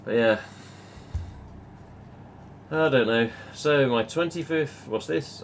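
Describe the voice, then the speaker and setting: A man's voice: medium pitch, unhurried, long pauses, slight background noise. A man with an English Midlands accent hosting a live stream, chatting casually and reading viewer comments, rambling and swearing now and then. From England.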